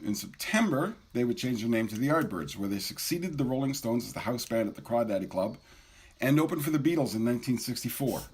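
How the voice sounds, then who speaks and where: Slightly husky man in his fifties interviewing. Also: medium pitch, expressive, fast talker, a little mellow. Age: 50s. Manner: eager, friendly fan. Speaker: podcast host, interviewer.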